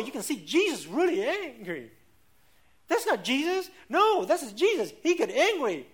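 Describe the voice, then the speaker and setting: A high-voiced middle-aged man preaching a sermon as pastor. He speaks emphatically in non-native English, often checking in with rhetorical questions. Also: fairly bright tone.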